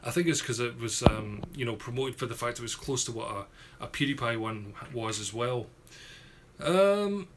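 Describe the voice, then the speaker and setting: Young Ayrshire-accented Scottish streamer, mid-pitched and rambling, casually reading chat with faint background hiss. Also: male voice, lively intonation, normal speed, a bit bright. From Scotland. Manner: chatty, rambling, swears casually. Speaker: YouTuber streaming a Q&A.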